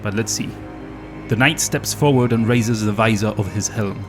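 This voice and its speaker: A man co-hosting a podcast, chatting casually and reading gamebook passages in a relaxed, wry way. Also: lowish voice, moderate pace, music in the background. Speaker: podcast co-host.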